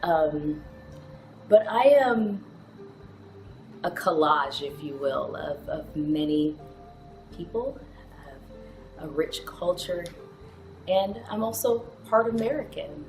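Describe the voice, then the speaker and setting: A chatty, animated woman, a TV news anchor, telling her personal story and laughing often. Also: on the low side, slow, pauses often, roomy sound, soft background music, low-quality recording. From Houston, Texas, with Ghanaian roots.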